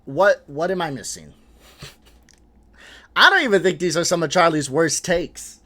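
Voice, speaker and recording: A man hosting a reaction video, talking in a frustrated, animated way, swearing and laughing between points. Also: fairly high pitch, a little slow. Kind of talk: casual reaction commentary.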